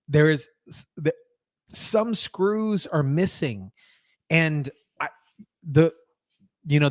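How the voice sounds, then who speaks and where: High-pitched, incredulous male vlogger. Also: dry recording, clean studio sound. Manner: incredulous, mocking, laughs often. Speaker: commentary vlogger. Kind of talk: excited opinion rant.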